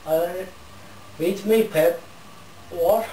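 A man's voice: high voice, slow, long pauses, a little mellow, echoey room, far from the mic, slight background noise, rough recording. A man hosting a comedic parody, ranting in a blustery, mock-indignant way and sometimes slipping into fake foreign gibberish. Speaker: parody show host.

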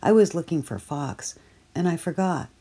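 A woman's voice: lowish voice, animated, moderate pace, mellow, breathy edge, pitched above the performer's own voice. Franklin, a woman doing a timid little turtle boy. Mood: apologetic.

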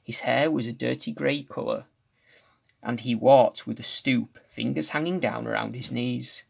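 A man's voice: mid-range voice, steady tone, unhurried, creaky, breathy edge. A man reading a novel aloud chapter by chapter, now and then stumbling and restarting a line. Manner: restarts and corrects slips while reading. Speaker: reader.

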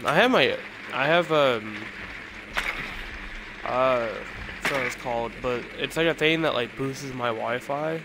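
A man's voice: medium pitch, a little slow. Guy streaming a shooter off his phone, grumbling at his teammates and himself, game noise all over. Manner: self-mocking, exasperated outbursts at teammates. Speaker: gamer streaming his play. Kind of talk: casual gameplay commentary. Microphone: phone recording. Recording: noisy game audio underneath.

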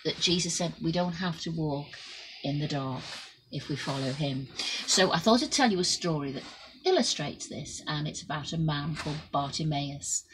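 A woman telling a Bible story to children in an expressive way, shifting between loud and soft. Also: low voice, moderate pace, a little hiss or hum, poor audio.

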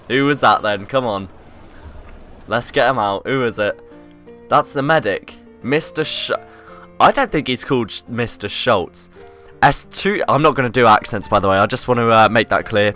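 A man's voice: on the low side, bright, forceful tone. A man giving upbeat, joking commentary while playing a game. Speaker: YouTuber. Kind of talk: casual gameplay commentary.

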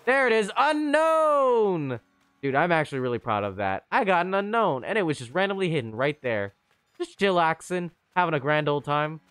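A man giving chatty, excitable live commentary on a game he is playing, with sudden high squeals. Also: a little fast, clean tone, no room sound, faint music behind. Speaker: streamer.

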